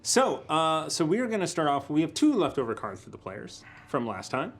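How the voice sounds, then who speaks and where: Lively, chatty dungeon master man. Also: on the high side, a little fast. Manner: chatty, laughing, trails off with fillers. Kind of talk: casual out-of-game chat on a live stream.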